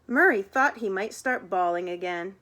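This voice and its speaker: A woman reading a children's chapter book aloud in an expressive way. She gives the characters their own voices. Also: medium pitch, moderate pace. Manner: expressive, voices the characters, chats about the pictures.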